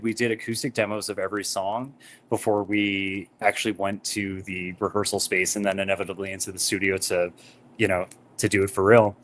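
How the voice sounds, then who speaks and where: A man's voice: on the low side, a bit bright, slight background noise. A man appearing as a musician guest on a video call, chatting casually, laughing often and telling heartfelt stories.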